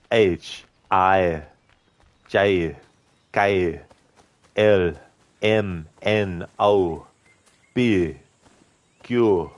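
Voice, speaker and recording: A man's voice: sits low, dry recording. A man with an Australian accent chatting casually as a gaming streamer, reading chat with frequent fillers. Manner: chatty and relaxed, with frequent "you know" fillers.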